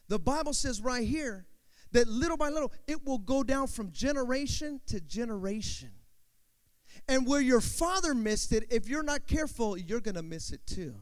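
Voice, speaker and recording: High-pitched preacher guy, call and response, big hall echo, goes loud then soft. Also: animated, moderate pace. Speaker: pastor. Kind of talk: sermon. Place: church sanctuary. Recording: long hall reverb.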